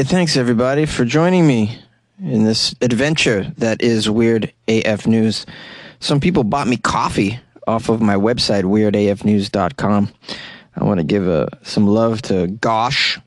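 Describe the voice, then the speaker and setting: A man hosting a comedy news podcast, joking around in an animated way and laughing at his own jokes. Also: medium pitch, measured pace, no echo. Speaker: podcast host.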